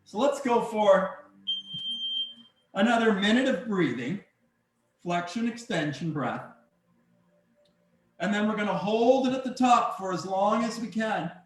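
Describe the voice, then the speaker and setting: A man coaching a breathwork and exercise session, giving calm, encouraging step-by-step cues. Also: high voice, unhurried, long pauses. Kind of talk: guided workout instruction. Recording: very echoey room, mic far off.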